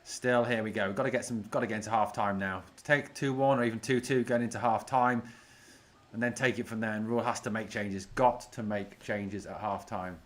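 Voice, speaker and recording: A man with a fairly low-pitched voice talks briskly as he hosts a fan watch-along stream. He reads out what viewers comment and provides casual live commentary, getting excited each time his team attacks.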